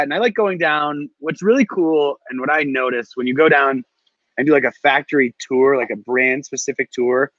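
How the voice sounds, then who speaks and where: A man, a guest on a podcast, telling stories casually in an animated, filler-heavy way. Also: on the high side, no echo, dull audio. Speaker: guest, co-host of a cigar show. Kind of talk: casual chat.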